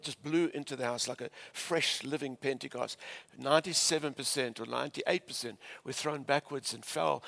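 A South African man in his fifties, a pastor telling a story in a sermon to a live church audience, animated and laughing along with them. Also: medium pitch, gravelly.

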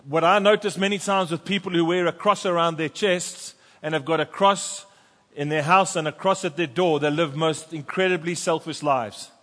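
A pastor preaching a sermon and reading scripture aloud with fervent emphasis in a church. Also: male voice, on the high side, steady tone, normal speed, a bit bright. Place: church sanctuary. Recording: long church reverb.

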